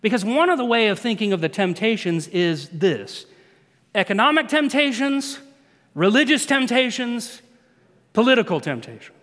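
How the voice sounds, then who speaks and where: A man with a somewhat high voice preaches a sermon in a church sanctuary, his words trailing off into a long hall reverb. He tells the story with animated swings, dropping to a hush and then rising to emphatic peaks. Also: normal speed.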